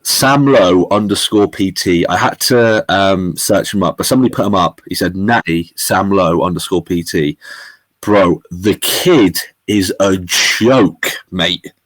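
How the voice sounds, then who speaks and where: Low-voiced young man, dry sound. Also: a little slow, no echo, low-quality recording. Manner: excitable, swears a lot, says "mate" constantly. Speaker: podcast co-host. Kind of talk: casual chat.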